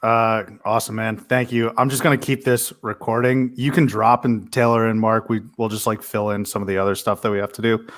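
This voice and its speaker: A man's voice: on the low side, level tone, brisk, few pauses, a bit bright. A man hosting a podcast, chatting loosely with a guest, swearing and laughing easily. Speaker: podcast host. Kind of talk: casual chat.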